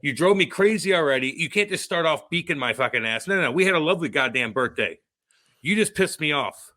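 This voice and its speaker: A man with a bright, forceful voice, a little high for a man, co-hosting a podcast. He rants in casual chat, worked up and swearing freely. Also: lively intonation, fast talker. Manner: profane, ranting, worked up. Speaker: podcast co-host.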